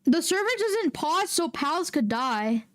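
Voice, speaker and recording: A woman streaming a game, chatting casually with viewers and breaking into loud, excitable, swearing outbursts. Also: sits high, measured pace. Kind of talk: casual livestream chat.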